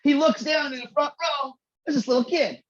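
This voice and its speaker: A podcast co-host with a high-sitting voice tells a long story at normal speed, rambling casually and swearing heavily. The audio is slightly dull and lo-fi.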